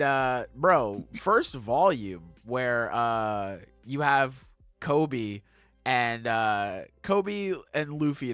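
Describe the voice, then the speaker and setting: Energetic podcast co-host who is bright-voiced and animated, with faint music under him. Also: male voice, mid-range voice, no echo. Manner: excitable, laughs a lot, slangy. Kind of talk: casual chat.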